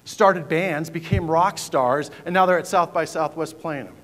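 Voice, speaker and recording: A conference speaker delivers a punchy, joking keynote presentation, frequently putting questions to the live audience. His voice is a little high and moves at normal speed. Distant reverb from the large hall and faint ambience come through on the recording.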